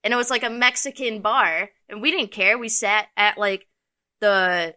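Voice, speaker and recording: A woman's voice: medium pitch, normal speed, bright, forceful tone. A young woman co-hosting a podcast, telling a story in a casual chat and swearing freely. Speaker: podcast co-host.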